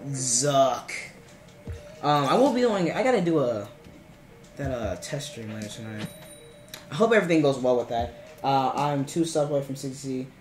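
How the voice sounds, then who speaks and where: A man's voice: lively intonation, brisk. Rambling male gamer in an echoey room. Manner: rambling and playful, chanting "garbage" in sudden high squeals. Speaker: game streamer. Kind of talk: casual live-stream commentary while gaming. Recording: echoey room with faint game music.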